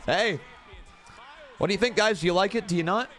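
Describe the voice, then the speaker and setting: A young man with a high voice talks a little fast while hosting a live watch-along stream. Excitable and often laughing, he chats with his viewers as "guys" and "bro" in casual commentary.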